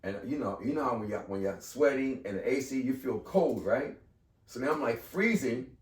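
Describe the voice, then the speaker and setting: A mid-range male voice at normal speed belongs to a podcast guest in his fifties who is casually telling a personal story. He brings it to life by acting out the voices of the people in it. The mic is far off, in a room with echo.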